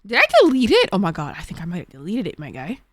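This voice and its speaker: A young woman streamer chatting casually with viewers, excitable and swearing, laughing often. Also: on the low side, fast talker, slight background noise. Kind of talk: casual gaming stream chat.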